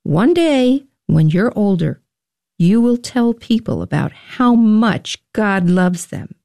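A woman voicing a patient, loving mother in a slow storybook reading. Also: mid-range voice, sing-song, gravelly, dark tone, full character voice. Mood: tender.

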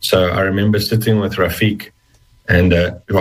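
Husky deep-voiced man, guest telling his story earnestly. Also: level tone, rough recording. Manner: earnest, reflective, halting. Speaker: interview guest. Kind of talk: personal testimony in an interview.

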